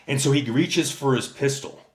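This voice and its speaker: A man's voice: mid-range voice, moderate pace. A man livestreaming a casual rant, telling stories in a rambling, heavily profane way and answering his chat. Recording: echoey room.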